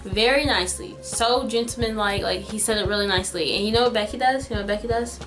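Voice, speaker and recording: A woman's voice: medium pitch, fast, fairly bright tone, soft background music. A young woman telling a casual storytime to her viewers, chatty and dramatic, with lots of "like" in her speech. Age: young adult. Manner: chatty, dramatic, heavy use of "like".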